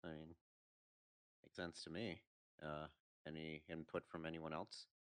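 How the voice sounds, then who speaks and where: A man's voice: extremely low pitch, flat delivery, unhurried, smooth. A man hosting a casual podcast chat, easygoing, stammering and repeating words now and then. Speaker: podcast host.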